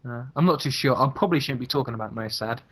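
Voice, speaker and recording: Racing along with a breathy edge, a young man co-hosts a casual podcast via voice call on a computer mic, rambling and hesitating as he muses. His voice is medium in pitch and a bit bright.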